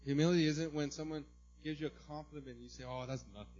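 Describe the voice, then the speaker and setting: A man preaching a sermon as a pastor, in a conversational way, often checking in with "right?" and now and then breaking into loud mimicry. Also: on the high side, fairly even intonation, fast talker, muffled recording, a little hiss or hum.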